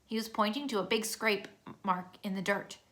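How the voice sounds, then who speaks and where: Bright-voiced woman reading a storybook. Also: medium pitch, steady tone, normal speed. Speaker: narrator. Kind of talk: reading a children's chapter book aloud.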